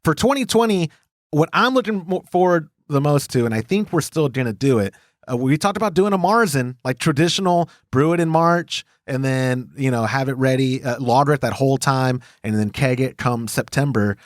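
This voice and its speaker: A man's voice: medium pitch, normal speed, no echo. Texan guy hosting a chatty podcast, voice bounces up and down a lot, dry close mic. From Texas. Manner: lively, jokey, reads listener emails aloud. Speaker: podcast host. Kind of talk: casual podcast chat.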